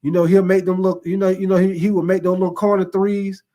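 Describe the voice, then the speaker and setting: A man's voice: high-pitched, little pitch movement, fast talker, dark tone. Laid-back man hosting a sports live stream. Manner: laid-back, laughs often, repeats "most definitely, man". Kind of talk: casual live-stream chat reading viewer comments.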